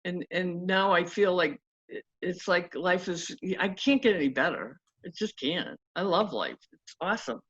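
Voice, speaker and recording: A woman coach in an interview, telling stories with lively acted-out quotes in casual talk. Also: fairly low pitch, moderate pace, husky. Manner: animated, acts out quotes in story. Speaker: guest coach. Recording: dull lo-fi audio.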